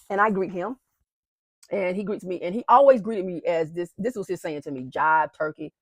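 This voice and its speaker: A woman's voice: lowish voice, no room sound, studio quality. A woman who founded an awareness movement, telling her own faith story to viewers in an earnest way. She repeats phrases for emphasis and calls her viewers "y'all.". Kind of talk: personal faith testimony to viewers.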